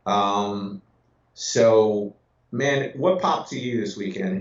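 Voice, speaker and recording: Relaxed male podcast co-host, lowish voice, echoey and muffled recording. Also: slow pace. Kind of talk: casual sports chat. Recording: echoey, dull lo-fi sound.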